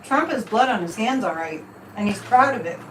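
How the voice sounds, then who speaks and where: A woman's voice: medium pitch, moderate pace, far from the mic. A woman hosting a livestream psychic reading, talking casually and emphatically and repeating her points. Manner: animated and emphatic, repeating phrases. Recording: echoey room, from off mic, faint background noise.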